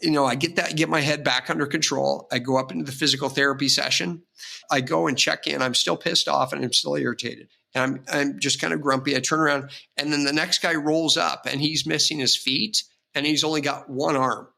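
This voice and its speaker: A man's voice: fairly high pitch, steady tone, fairly quick, gravelly, sharp tone. A man, a real estate agent guest on an interview podcast, telling rambling, vivid personal stories with frequent restarts. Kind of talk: casual storytelling interview.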